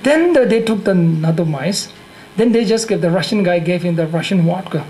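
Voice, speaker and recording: Tibetan-accented male monk, higher voice, halting and self-correcting, light laughter, faint hiss behind. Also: lively intonation, mellow, low-quality recording. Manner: halting, repeats and corrects himself, laughs often. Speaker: Buddhist monk teacher. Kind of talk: dharma teaching with humor. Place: teaching hall.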